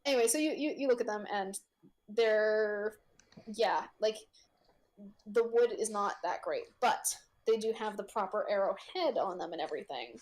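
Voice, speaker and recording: A woman's voice: medium pitch, normal speed, a little mellow. A woman narrating a tabletop game as game master, rambling with lots of ums and frequent giggles. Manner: rambling, giggly, full of fillers.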